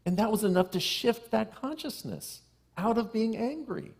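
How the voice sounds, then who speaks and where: A middle-aged man, a minister, giving a sermon to a live congregation, with playful self-deprecating asides and a soft hush on key phrases. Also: high voice, animated, moderate pace, vocal fry, husky. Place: church sanctuary with live congregation.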